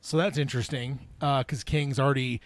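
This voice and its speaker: A man's voice: medium pitch, steady tone, brisk, dry recording. A man hosting a casual book club podcast, reading passages aloud and talking it over with plenty of fillers and restarts. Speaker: podcast host.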